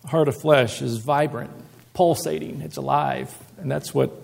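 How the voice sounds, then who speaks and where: A man's voice: mid-range voice, fairly even intonation, unhurried, vocal fry, darkish tone, husky. A male preacher giving a conversational, earnest sermon and reading scripture aloud.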